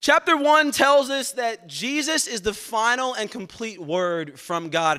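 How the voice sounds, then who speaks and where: A man's voice: high-pitched, pushed and bright. A man as pastor delivering a sermon, earnest, repeating words as he presses his points. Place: church sanctuary.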